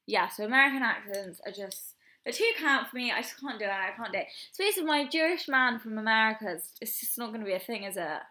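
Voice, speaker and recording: A woman's voice: on the high side, animated, fast, pushed and bright. A young woman co-hosting a casual chat podcast, talking in a chatty, rambling, candid way. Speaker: podcast co-host.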